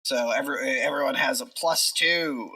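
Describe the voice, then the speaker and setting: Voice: medium pitch, normal speed, pushed and bright, recorded from a distance, rough recording. A tabletop game player who thinks aloud and explains tactics at length. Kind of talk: tabletop role-play chat.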